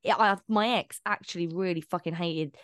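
A young woman co-hosting a podcast in casual chat, animated and sweary, laughing often and restarting her sentences. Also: on the low side, moderate pace, dry recording, studio quality. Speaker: podcast co-host.

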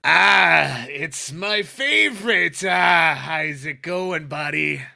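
A man's voice: on the high side, expressive, very slow, gravelly, bright, forceful tone, no room sound, studio quality, voice pushed up, heavily acted. A man voicing a pudgy, dwarfish male fight boss who talks down to his fighter. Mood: jovial. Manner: bossy, threatening, condescending.

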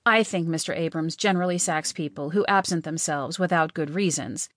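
A woman's voice: low voice, brisk, a bit bright, no echo, clean studio sound. A woman voicing an impulsive, remorseful young woman in an audiobook, speaking earnestly. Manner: earnest and emotional. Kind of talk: audiobook reading.

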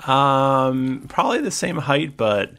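A man's voice: mid-range voice, big pitch swings, slow pace, creaky, a bit bright. A man running a tabletop game as game master, narrating hesitantly with many fillers.

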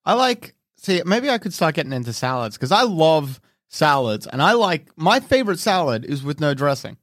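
Young aussie guy on a podcast, kinda high voice, laughs a lot, dry sound. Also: big pitch swings, normal speed, a bit bright, no room sound. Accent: Australian. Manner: enthusiastic, laughing, swears freely. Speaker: podcast co-host. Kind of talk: casual chat.

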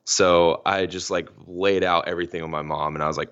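Podcast guest: young man, deep low voice, casual slangy storyteller, muffled recording. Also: fairly even intonation, brisk, hardly any pauses, a bit bright, clear, resonant tone. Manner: slangy, fills talk with "like" and "you know".

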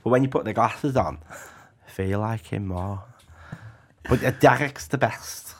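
A young man with a Liverpool accent, a comedian guest chatting casually, animated and laughing often as he jokes. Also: lowish voice, measured pace. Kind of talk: casual chat.

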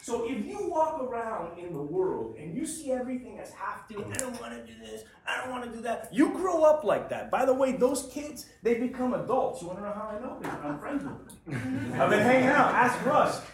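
A man telling a joking, profane story to a group at a networking meeting, in an animated, excitable way. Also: very high-pitched, normal speed, a little hiss or hum. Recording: very echoey room from far off, crowd audible.

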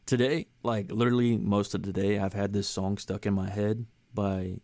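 A podcast host chats casually with friends, rambling in a relaxed way with lots of filler words. His voice is fairly low-pitched and moderately paced, with no room sound.

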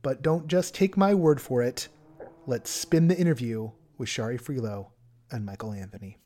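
A man's voice: mid-range voice, moderate pace, dark tone, faint music behind. A man hosting a podcast interview in a chatty, casual way, laughing often and filling his speech with "like" and "um". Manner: chatty, laughs often, lots of filler words. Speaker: podcast host.

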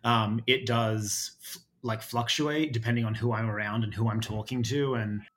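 A man's voice: fairly low pitch, fairly even intonation, moderate pace. A man in his thirties with an Australian accent, talking as a podcast guest in a rambling way, full of fillers and restarts. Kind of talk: casual chat.

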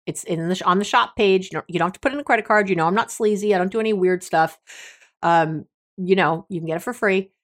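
A woman's voice: fairly low pitch, fast. A middle-aged woman hosting a self-help podcast, talking in a casual, emphatic and playfully bossy way, laughing often. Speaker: podcast host.

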